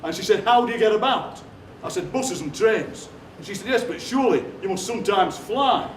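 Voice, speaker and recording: High-voiced man telling stage stories. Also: fairly quick, slight background noise. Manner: deadpan anecdotes, acting out other people's lines. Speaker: poet performing on stage. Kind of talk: comic storytelling to a live audience. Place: theatre stage. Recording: roomy hall from a distance. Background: audience laughter.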